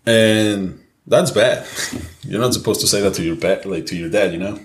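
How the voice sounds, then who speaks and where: A man's voice: on the low side, normal speed, few pauses. A young man co-hosting a casual podcast, recounting a personal story candidly and emotionally, swearing freely. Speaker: podcast co-host.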